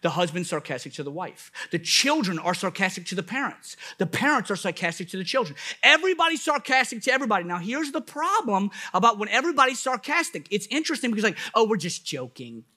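A man's voice: sits high, big pitch swings, fast talker, hardly any pauses, pushed and bright. A man pastor preaching a sermon at a church service, with rising bursts of emphasis and playful asides.

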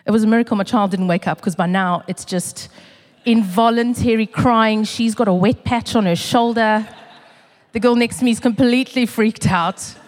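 A woman sharing a personal testimony in a sermon, earnest and emotional, building through repetition and dropping to a hush. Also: a little high, moderate pace. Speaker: church community speaker. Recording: long reverb of a large hall.

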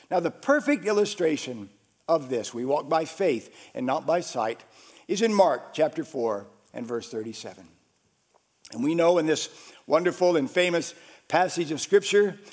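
A pastor preaches with a high, highly animated voice that leaps up and drops away. He takes his time, letting words hang. His delivery swings between loud stretches and near-whispers. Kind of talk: sermon.

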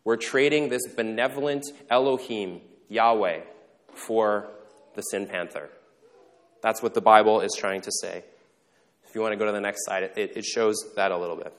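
A male pastor giving a conversational sermon, joking in quick asides and checking in with the congregation. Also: fairly low pitch. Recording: long reverb in a large hall.

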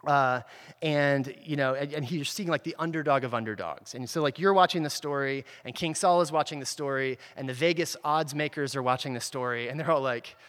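A man's voice: on the high side, fairly bright tone. A man preaching a conversational sermon, retelling a story in a casual way and often checking in with the listeners. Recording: long reverb from a large hall.

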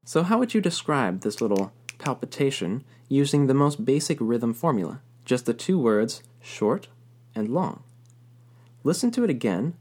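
A man's voice: medium pitch, darkish tone. A man teaching a recorded music lesson, explaining rhythm patiently and counting beats aloud.

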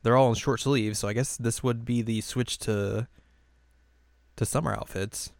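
A man's voice: medium pitch, fairly even intonation, a little slow, creaky, a little mellow, no room sound, studio quality. A man co-hosting a podcast, recapping an episode in casual chat, laughing often. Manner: laughs often, rambling recap with acted quotes. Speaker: podcast co-host.

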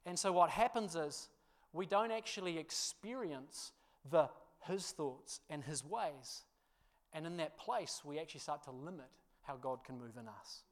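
A man preaching, telling a funny personal story with laughter before turning to a quieter sermon. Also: on the high side, a little slow. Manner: animated storyteller, laughs through the tale, drops quiet for scripture. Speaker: pastor.

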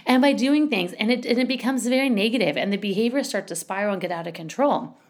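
Chatty woman with slight gravel. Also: mid-range voice, fast. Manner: chatty, rambling, many restarts and asides. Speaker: parenting coach. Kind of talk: casual advice talk.

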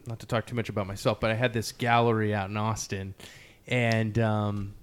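A man's voice: fairly low pitch, flat delivery, normal speed, a little hiss or hum. A man hosting a podcast in casual, earnest talk, rambling with many fillers. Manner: loose, rambling, heavy on fillers; earnest and emotionally open. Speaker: podcast host. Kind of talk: casual interview chat.

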